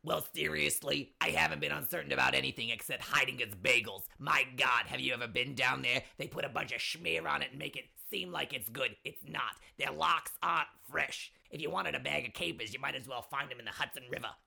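A man putting on a loud, brassy older mother who hosts her own advice corner, gossipy and indignant and forever saying "seriously". Her voice is gravelly, with a bright, cutting edge. She calls everyone "my dears" and turns every question back to her own troubles. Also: medium pitch, fairly quick, hardly any pauses, heavily acted. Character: brassy older woman advice-giver, doting nagging mother. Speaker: advice segment host. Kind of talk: comedy character monologue.

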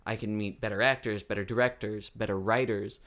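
A man's voice: fairly low pitch, fairly even intonation, a little fast, fairly bright tone. A man who is an actor, chatting as a guest on a comedy podcast in an easygoing, rambling way with frequent laughs. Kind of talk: casual comedy podcast chat.

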